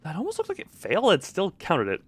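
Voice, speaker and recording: A man's voice: high voice, wildly swooping pitch, quick pace, breathy edge. A man streaming a video game, chatting loosely with his viewers, restarting his sentences and laughing often. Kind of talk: casual live-stream chat while playing.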